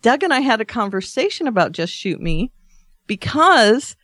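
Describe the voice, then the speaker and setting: A woman's voice: on the high side, very animated, normal speed, fairly bright tone, no echo, studio quality. Wry female podcast co-host. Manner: wry, agreeable, often saying "that's right". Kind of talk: casual chat.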